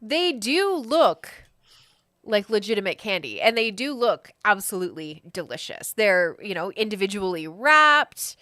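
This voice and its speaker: Woman game master narrating a tabletop game: animated pitch, chatty, laughs a lot. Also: normal speed, hardly any pauses, no room sound, studio quality. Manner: chatty, laughing often, with many fillers.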